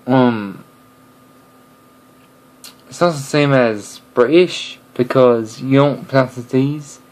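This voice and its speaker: A young man chatting casually to camera, rambling and hesitant, with many pauses and restarts. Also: mid-range voice, rough recording. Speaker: video creator.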